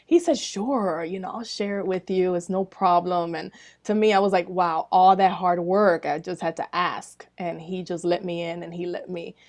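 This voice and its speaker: A woman's voice: fairly low pitch, steady tone, moderate pace, darkish tone. A woman with Latin American roots hosting a podcast, introducing her guest in a bubbly, enthusiastic way and acting out her own reactions. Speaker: podcast host.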